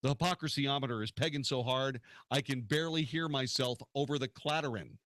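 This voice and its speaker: Combative talk radio host, dry sound. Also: male voice, medium pitch, brisk, a bit bright, dry recording. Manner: combative, rhetorical questions.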